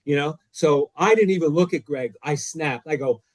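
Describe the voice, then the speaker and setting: A man co-hosting a podcast, telling a story in an excitable, emphatic, self-deprecating way. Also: fairly high pitch, moderate pace, no echo. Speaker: co-host, former defensive coordinator. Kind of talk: animated storytelling; casual podcast chat.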